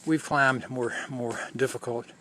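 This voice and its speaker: Scouting a mountain trail, this man narrates to camera as he walks, holding it himself and chatting loosely with frequent restarts. His medium-pitched voice is bright and forceful, unhurried and fairly even, with slight background noise.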